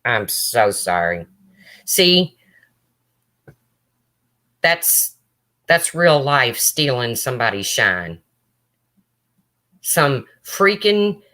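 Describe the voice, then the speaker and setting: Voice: medium pitch, sharp tone. A livestream host talking emotionally to viewers and answering chat, close to tears. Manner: emotional, talks straight to viewers.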